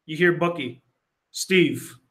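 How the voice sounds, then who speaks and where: A man's voice: on the high side, slow. A young man, a film critic, casually recapping a movie scene by scene and acting out the characters' lines. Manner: animated retelling with acted-out quotes.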